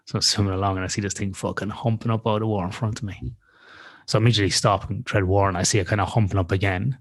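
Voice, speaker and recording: A man's voice: on the low side, steady tone, very fast. A man telling a story in casual podcast chat, swearing freely and talking animatedly. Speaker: podcast co-host.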